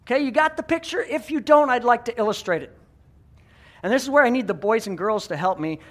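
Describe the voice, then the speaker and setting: A man preaching as pastor to a congregation, animated, getting the room to make sound effects and then repeating each point in a second language. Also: extremely high pitch, a little fast. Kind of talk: bilingual sermon. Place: church sanctuary.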